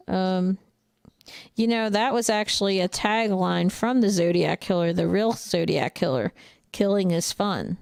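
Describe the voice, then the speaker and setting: Blunt gravelly woman trucker with a Jersey accent. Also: mid-range voice, darkish tone, no echo, studio quality. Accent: New Jersey. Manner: blunt, outspoken, laughs often. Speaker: truck driver and trainer. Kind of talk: casual livestream chat reading viewer comments.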